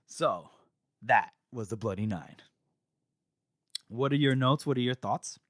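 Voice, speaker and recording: A young man co-hosting a podcast, retelling a book chapter in casual chat, animated and laughing as he acts out lines. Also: medium pitch, unhurried, no room sound, studio quality.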